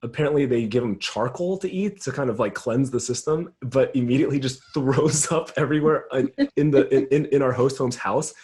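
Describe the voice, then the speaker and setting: A young adult man, a youth pastor, speaks in a mid-range, darkish voice while telling a story at a casual round-table chat. He acts out the dialogue and laughs often.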